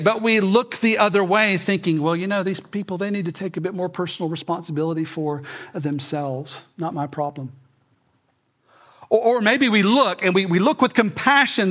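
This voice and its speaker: A man preaching a sermon, emphatic, swinging between loud and soft and often repeating words. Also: fairly high pitch. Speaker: pastor.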